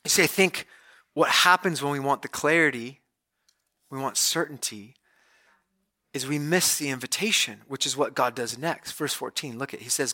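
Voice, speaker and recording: A man's voice: medium pitch, moderate pace, sharp tone. A male pastor giving a sermon, telling stories conversationally and then preaching with emphatic conviction.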